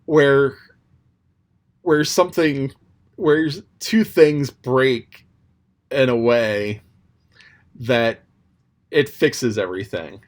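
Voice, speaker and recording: A man muses aloud about a book chapter he just read, his mid-range voice drawing words out and pausing often. The casual commentary rambles with plenty of ums and restarts, and he sometimes playfully slips into quoted voices.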